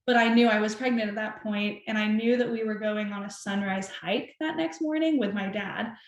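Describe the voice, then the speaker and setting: A young woman telling a personal story as a podcast guest, animated and chatty, full of "like". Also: mid-range voice, moderate pace. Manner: animated, chatty, heavy use of "like". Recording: roomy echo.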